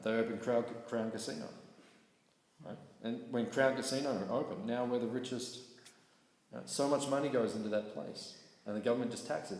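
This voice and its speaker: A man teaching a scripture class in a relaxed, conversational way, often checking in with his listeners. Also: medium pitch. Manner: conversational, keeps asking "right?". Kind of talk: casual scripture class talk. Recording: echoey hall with faint noise.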